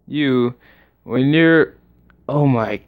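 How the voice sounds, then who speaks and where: A young man casually commenting on a game during a livestream, excitable and rambling as he reacts aloud. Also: mid-range voice, drawn-out words. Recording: slightly dull lo-fi recording.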